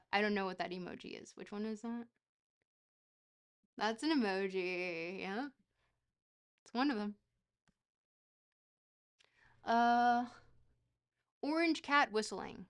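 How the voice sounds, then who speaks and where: A woman streamer chats casually while playing a geography guessing game, rambling and poking fun at herself, then bursting into excited shouts. Her voice is medium-pitched and smooth.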